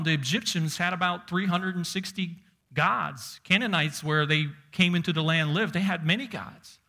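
Bright-voiced man preaching a sermon. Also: on the high side, gravelly. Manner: emphatic preaching, stressing single words; reads scripture aloud with rising force. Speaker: pastor.

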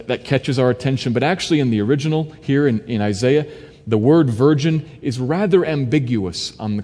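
Brief: male pastor, mid-pitched, teaching sermon, echoing church hall. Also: mellow. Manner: teaching, explaining scripture verse by verse. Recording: long hall reverb.

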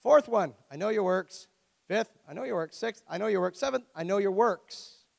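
A man's voice: high-pitched, animated, normal speed, vocal fry, a little mellow. A middle-aged man preaching a sermon as pastor, conversational and joking, full of rhetorical questions. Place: church. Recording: long church hall reverb.

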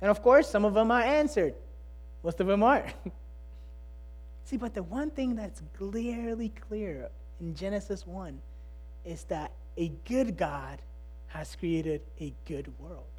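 A preacher delivering a sermon, emphatic and full of rhetorical questions, swinging between loud and hushed delivery. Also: medium pitch, slow.

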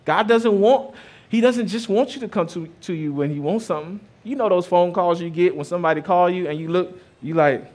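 A man's voice: high-pitched, a little fast, a little hiss or hum. A man in his thirties, a pastor giving a sermon in a conversational way, mixing scripture with stories about his kids. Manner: conversational preaching with personal stories, rising and dropping loudness.

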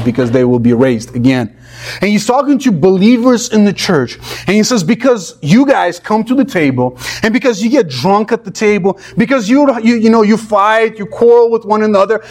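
A man preaching a sermon, earnest and emphatic, his pitch rising and falling with each point. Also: darkish tone. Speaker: pastor.

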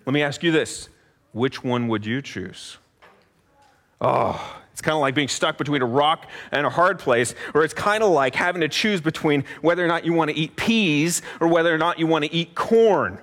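A man preaching an animated, playful sermon, asking the audience questions and acting out little voices. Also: high voice, normal speed. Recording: long hall reverb.

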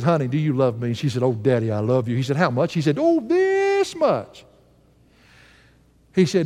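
An older man preaching a sermon, swinging from rising, fervent calls to hushed, slow storytelling. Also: long reverb tail. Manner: animated preaching, swinging from high shouts to low hushed storytelling.

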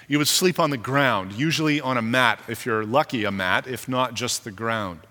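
A man preaching a sermon as a pastor, animated, and acting out the people he quotes. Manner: animated, acts out quoted leaders with rising pitch. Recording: long hall reverb.

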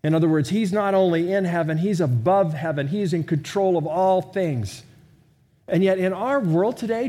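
A man's voice: sits high, a little mellow, husky. A middle-aged man preaching a sermon in a conversational way, full of rhetorical questions and self-deprecating humor. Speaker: pastor.

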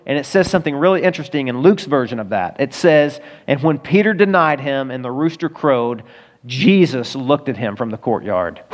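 A man delivers a sermon in a slightly raised register, speaking earnestly and conversationally. He keeps asking his listeners questions as he preaches. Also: on the high side. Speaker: pastor.

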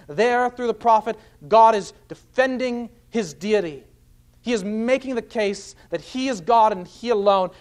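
A man preaching an expository sermon, earnestly explaining scripture point by point. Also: sits high. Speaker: pastor.

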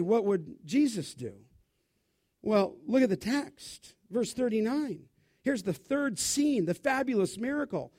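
A man preaching a sermon in an animated, emphatic, conversational way, full of rhetorical questions. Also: very high-pitched.

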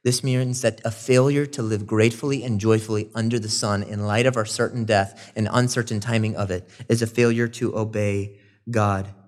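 A man preaching a sermon, animated and rising loud on emphasis, with quoted asides. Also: lowish voice, moderate pace. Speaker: pastor.

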